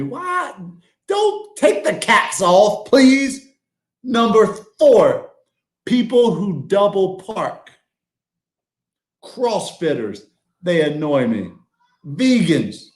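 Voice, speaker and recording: A man doing a comedic rant about things that annoy him, exasperated and mocking, sometimes bursting into shouts. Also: sits high, roomy sound. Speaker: podcast segment regular.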